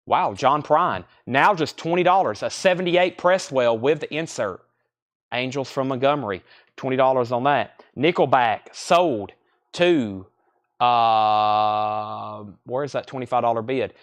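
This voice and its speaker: A young man hosting a live record sale, rambling casually between quick price call-outs. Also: medium pitch. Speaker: record store host running a live sale. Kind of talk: casual livestream sales patter.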